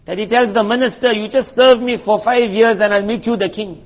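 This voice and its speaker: A man's voice: sits high, fairly even intonation, a little fast, in a large hall. A man preaching a sermon in a conversational, storytelling way, asking his listeners rhetorical questions. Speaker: Islamic preacher. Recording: muffled lo-fi recording.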